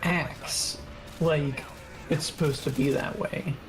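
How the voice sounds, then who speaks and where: A man's voice: fairly high pitch, steady tone, slow. A man co-hosting a gaming stream, rambling casually with laughs and the odd curse. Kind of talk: casual gameplay chat.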